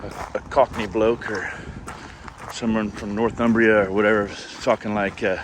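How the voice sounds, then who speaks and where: A man's voice: on the low side, flat delivery, normal speed, noisy background. A man vlogging on a coastal hiking trail, rambling casually to his camera as he walks. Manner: rambling, chatty, talking to the camera. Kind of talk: casual chat while hiking.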